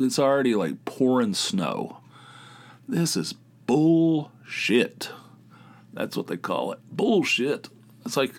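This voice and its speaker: A man hosting his own podcast, telling rambling everyday stories in a casual, meandering way, with plenty of filler words and casual swearing. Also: medium pitch. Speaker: podcast host.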